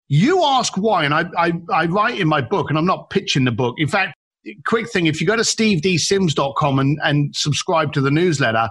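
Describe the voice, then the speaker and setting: A man, a podcast guest telling animated stories and acting out the people he quotes. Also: a little high, husky. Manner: acts out quoted people, emphatic, repeats words. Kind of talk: animated storytelling.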